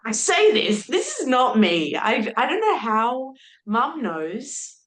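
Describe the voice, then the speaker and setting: A woman's voice: a little high, measured pace. A young adult woman, a podcast guest animatedly retelling a personal story, acting out what people said. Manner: animated retelling with laughs and quoted speech. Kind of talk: candid storytelling in conversation. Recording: roomy echo.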